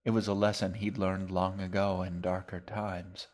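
A man reading his own novel aloud as a podcast, in measured, even storytelling narration. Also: low voice.

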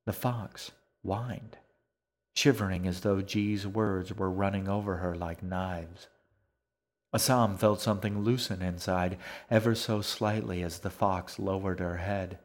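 A man narrating a dark fantasy audiobook in a measured, even manner. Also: deep voice. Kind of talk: scripted narration.

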